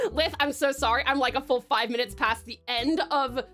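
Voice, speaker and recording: Reading viewer comments during a casual live stream, a young woman speaks in a high, pushed, bright voice. She laughs a lot and fills her talk with fillers.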